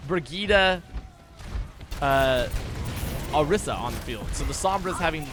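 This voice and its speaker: A young man giving a casual esports match breakdown, talking fast and excitably, with frequent swearing and restarts. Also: high-pitched, music in the background. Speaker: esports analyst.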